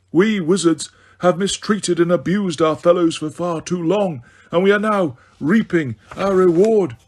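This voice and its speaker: A man's voice: high-pitched, voice pushed up. A man voicing a grave, weary old wizard. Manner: measured, grave, gentle. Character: wise, weary old male headmaster wizard. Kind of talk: audiobook character reading.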